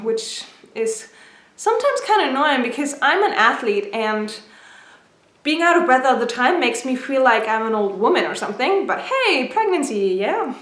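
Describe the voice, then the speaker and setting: A woman in her twenties giving a casual vlog update, chatty and excited, a little out of breath, with a stuffy nose from a cold. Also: a little high, reverberant. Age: 20s. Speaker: vlogger.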